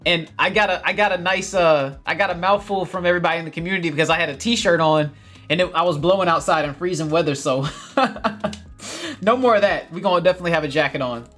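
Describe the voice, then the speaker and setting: A man's voice: a little high, fast talker, fairly bright tone. Chatty man hosting a garden livestream. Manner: laughs often, repeats phrases, upbeat and chatty. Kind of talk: casual livestream chat reading viewer comments.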